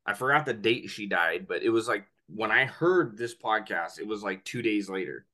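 Profane, animated man hosting a podcast. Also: fairly low pitch, normal speed. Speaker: podcast host. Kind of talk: casual chat.

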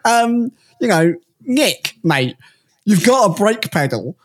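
A man co-hosting a casual sports podcast, ranting and mocking in a lively, joking way. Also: high voice, takes it slowly. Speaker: podcast co-host. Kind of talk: casual chat.

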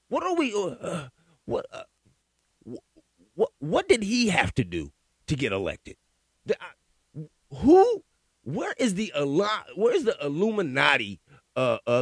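A man hosting a podcast reacts to a clip with profane, stammering disbelief. His gravelly voice leaps up and down in pitch, and the sound is close and dry with no room around it. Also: no echo. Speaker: podcast host. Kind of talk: profane comedic commentary.

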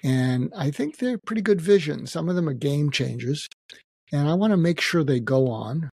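An older man speaking as a psychiatrist guest in an interview, reflective and halting, with many restarts. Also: fairly high pitch, lively intonation, vocal fry, a little mellow, slightly rough, no echo. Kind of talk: emotional personal interview talk.

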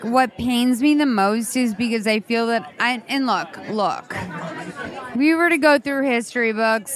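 Woman with heavy vocal fry. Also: a little high, fairly bright tone. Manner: rambling, irreverent, quick asides. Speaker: podcast host. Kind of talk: casual chat.

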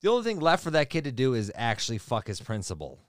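A man's voice: medium pitch, huge pitch swings, quick pace, no room sound, clean studio sound. A man in his thirties joking crudely in casual podcast banter. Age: 30s.

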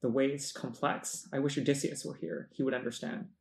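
A man reading aloud the lines of a dazed, bitter and vengeful goddess, voicing them slowly and dreamily in a book reading. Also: medium pitch, level tone, a little mellow, roomy sound, natural voice. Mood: dreamy.

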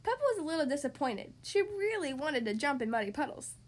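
A woman hosting a podcast, reading a children's story aloud in a cheerful, expressive way. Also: sits high, fairly quick.

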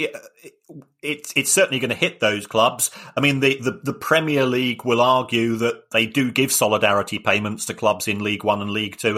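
A man co-hosting a podcast, explaining club finances in a measured way with frequent restarts. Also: medium pitch, bright, forceful tone. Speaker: football finance expert co-host. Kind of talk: casual chat.

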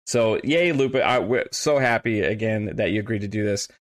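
A man's voice: lowish voice, moderate pace. A man hosting a podcast, chatting casually and joking, with lots of fillers. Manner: playful, joking, many fillers. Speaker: podcast host. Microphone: online call setup.

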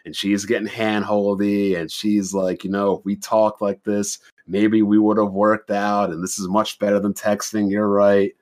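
A man's voice: on the low side, level tone, moderate pace, hardly any pauses, darkish tone. A young adult man on a podcast telling a dating story in a blunt, profane, casual way, acting out both sides of the conversation in his own voice. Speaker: podcast host.

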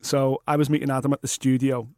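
A man's voice: medium pitch, flat delivery, fast, a little mellow, no echo, studio quality. A man co-hosting a podcast, talking in casual, sweary banter. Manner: sweary, matter-of-fact banter. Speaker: podcast co-host.

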